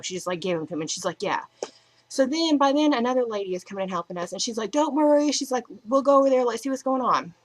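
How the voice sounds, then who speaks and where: A young woman rattles through a story in a casual vlog, full of "like" and little acted-out quotes. Her voice sits at an ordinary middle pitch for a woman. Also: rough recording. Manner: animated, chatty, lots of "like" and quoted dialogue. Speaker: vlogger.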